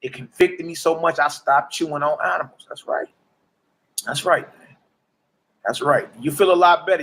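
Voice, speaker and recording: A man in his forties giving a casual, preachy testimony as a livestream host, slangy and animated, often asking "you dig?". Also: on the high side, normal speed, long pauses. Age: 40s.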